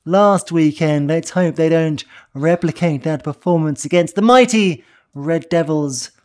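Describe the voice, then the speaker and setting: A man's voice: a little high, a little slow, a little mellow. A man co-hosting a football podcast, cheeky and teasing in casual chat. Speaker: podcast co-host.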